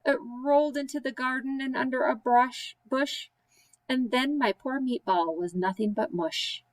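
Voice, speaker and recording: A woman teacher reading silly children's poems aloud with slow, sing-song, playful emphasis. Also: high-pitched, low-quality recording. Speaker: special education teacher.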